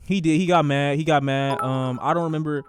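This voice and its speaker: A man streaming a casual storytime, talking in an animated, profane way and acting out the voices of the people in his story. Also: a little high, a little fast, over music.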